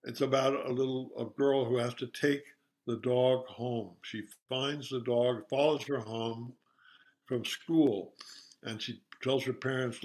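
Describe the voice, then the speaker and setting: An older man, an interview guest, retelling a children's story in a halting, casual way with many fillers. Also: mid-range voice, fairly even intonation, darkish tone.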